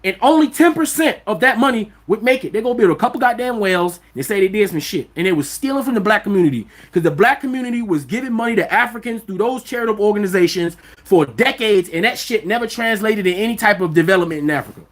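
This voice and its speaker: Profane, animated man ranting on a livestream. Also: high-pitched, fast talker, few pauses. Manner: animated, profane, rhetorical questions. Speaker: vlog host. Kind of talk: livestream commentary.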